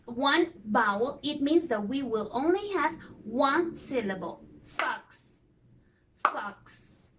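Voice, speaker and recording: A woman's voice: sits high, a bit bright. A woman teaching a lesson for young learners, patiently repeating words and spelling out their vowels. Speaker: English teacher.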